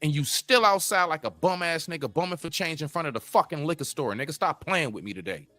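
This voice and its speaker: Bright-voiced man ranting profanely. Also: fairly high pitch, expressive, fast talker, no echo, faint music behind. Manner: profane, ranting, talks to the viewers. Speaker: stream host reacting to a clip. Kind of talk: casual reaction commentary.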